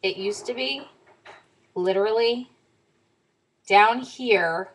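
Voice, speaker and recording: Young woman, casual vlog, animated storytelling, blunt swearing, occasional whispers. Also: mid-range voice, takes it slowly, poor audio. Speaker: diet vlogger.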